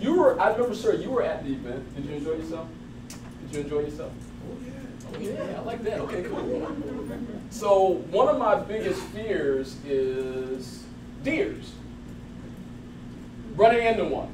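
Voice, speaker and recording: Animated male speaker in a roomy hall. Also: high-pitched, background noise. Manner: animated, laughing storyteller. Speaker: motivational speaker. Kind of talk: live talk to an audience. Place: event hall with audience. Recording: roomy, distant mic with crowd.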